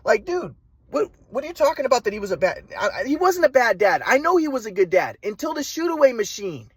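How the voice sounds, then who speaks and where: A man's voice: extremely high pitch, very animated, fast talker, fairly bright tone, breathy edge, no echo. A man in a rambling personal monologue, stammering with frequent restarts and swearing freely. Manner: repetitive restarts, stammering, profane. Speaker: vlogger.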